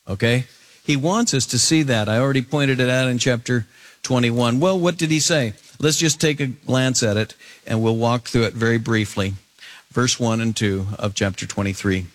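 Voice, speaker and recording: A man preaching an expository sermon, climbing to emphatic high peaks and dropping low and quiet to read scripture. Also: normal speed. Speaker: pastor.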